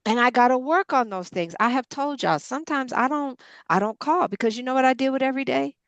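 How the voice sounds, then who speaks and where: A woman's voice: sits high, fairly quick, no echo, muffled recording. A middle-aged woman leading a Bible study group, talking bluntly and with feeling, swearing freely. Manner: blunt, impassioned, frank swearing. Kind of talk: candid group discussion.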